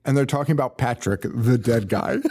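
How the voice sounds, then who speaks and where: A man's voice: medium pitch, a little mellow, a little hiss or hum. A man co-hosting a podcast, casually recapping a horror film scene by scene, swearing often, laughing and mimicking the characters. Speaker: podcast co-host. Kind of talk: casual movie recap chat.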